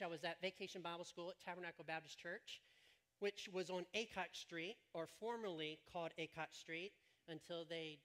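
A man's voice: on the high side, sharp tone. A man preaching a sermon from a church stage, telling stories in a joking, rambling way. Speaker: pastor.

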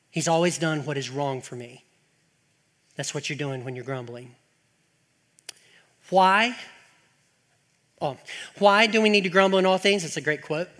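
A sermon rings out in a church sanctuary with a long, hall-like reverb as a middle-aged male pastor speaks in a high, bright voice. Animated, exasperated outbursts built on rhetorical questions give way to earnest teaching.

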